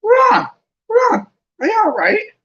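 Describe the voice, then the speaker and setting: A man voicing a bossy, clever schoolgirl who speaks sharply and turns shrill. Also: fast talker, slightly rough, dull audio. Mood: alarmed.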